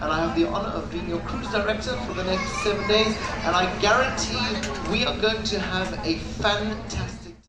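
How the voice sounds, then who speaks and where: A man's voice: sits high, moderate pace, hardly any pauses. A man from South Africa working as a cruise director, hosting on stage with upbeat jokes for the audience. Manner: upbeat showman, jokes with the crowd. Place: cruise ship theatre stage. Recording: echoey hall from far off, crowd and music.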